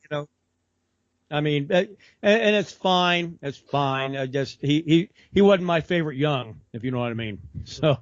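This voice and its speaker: A man's voice: on the high side, normal speed, dry recording. Podcast co-host, male, loose rambling chat, lo-fi dry sound. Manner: rambling, laughing, quoting others in animated voices. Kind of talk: casual chat.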